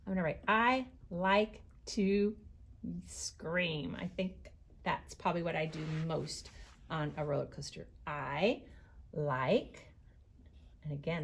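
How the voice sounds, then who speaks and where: A woman teaching young children to write, sounding out each word slowly and gently. Her voice has a gravelly, husky edge, and her pace is unhurried. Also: on the low side. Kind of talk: read-aloud writing lesson for young children.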